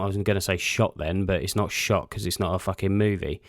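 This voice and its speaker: A man in his thirties talks alone into a podcast microphone, with a low voice and a dry, close sound. He rambles casually, swears freely and pokes fun at himself. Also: fairly even intonation, fairly quick, no room sound. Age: 30s. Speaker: podcast host. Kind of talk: solo podcast monologue.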